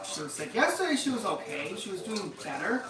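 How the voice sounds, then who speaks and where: A woman's voice: medium pitch, big pitch swings, a little fast, a crowd in the background. A middle-aged woman chatting casually on a live stream from her home, rambling with many fillers and restarts. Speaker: livestream host. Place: room at home. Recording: echoey room, voice a bit far from the mic.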